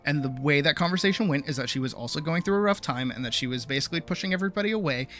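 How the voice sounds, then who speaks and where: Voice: medium pitch, expressive, rapid-fire, fairly bright tone. A streamer telling a long, frustrated story in a casual livestream rant, full of restarts and asides. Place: home streaming setup.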